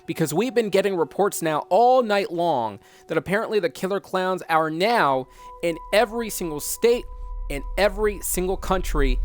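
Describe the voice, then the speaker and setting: A man hosting a mock news broadcast, dramatic and emphatic, repeating words for effect. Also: a little high.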